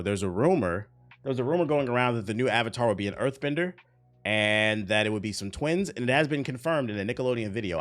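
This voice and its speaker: Animated young man, casual gaming chatter. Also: mid-range voice. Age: 20s. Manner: animated, profane, rambling. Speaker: streamer. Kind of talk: casual gaming news commentary.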